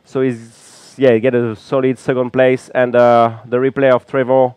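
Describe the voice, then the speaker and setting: Man, French accent, live sports commentary, smooth clear voice, dry close sound. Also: mid-range voice, moderate pace, no room sound. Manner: relaxed, chatty analysis with frequent fillers. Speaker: color commentator. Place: small air-conditioned booth at a beach event.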